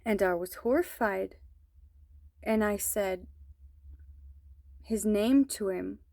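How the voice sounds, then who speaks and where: A mother slowly and earnestly recounting a troubling dream, with hesitant pauses. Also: mid-range voice, vocal fry, warm tone, no room sound, studio quality. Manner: slow, earnest, hesitant storytelling. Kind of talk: personal testimony.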